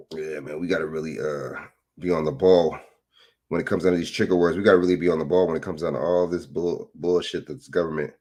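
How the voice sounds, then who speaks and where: A man, ranting casually into a phone, rambling and profane with repeated rhetorical questions. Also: low voice. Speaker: commentator. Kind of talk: casual political rant.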